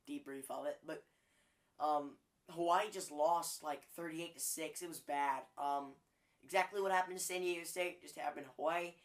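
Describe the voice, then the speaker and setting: A man hosting a sports show, handing out weekly college football awards in a chatty, joking way with frequent fillers. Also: fairly high pitch. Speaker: sports podcast host. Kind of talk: casual sports commentary.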